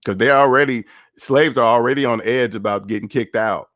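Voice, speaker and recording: Man, finance livestream host, blunt and sarcastic, mid-pitched voice, dry close sound. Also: fairly quick, a bit bright, dry recording. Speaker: finance commentator. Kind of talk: casual livestream commentary.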